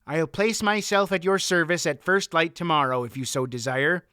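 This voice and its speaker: A man's voice: a little high, moderate pace, pushed and bright, clear, resonant tone, no echo. Audiobook character, pious older male farmer, firm, stubborn, read by a man, dry close mic.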